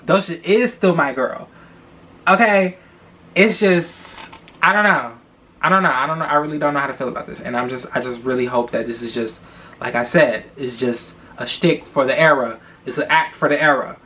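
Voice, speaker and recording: A young man hosting a podcast, gossiping about celebrities in a blunt, profane, animated way and repeating himself for emphasis. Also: a little high. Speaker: podcast host. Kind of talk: casual celebrity gossip commentary.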